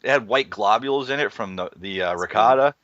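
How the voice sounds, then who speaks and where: A man's voice: fairly low pitch, fairly quick, fairly bright tone, no room sound. A man co-hosting a gaming podcast, rambling loosely and swearing freely in casual chat. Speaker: podcast co-host. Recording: slightly dull, dry lo-fi sound.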